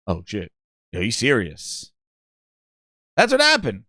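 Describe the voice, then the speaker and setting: A man hosting a gaming channel in casual commentary, excitable and joking, swearing freely. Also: lowish voice, normal speed, pauses often, no echo, studio quality.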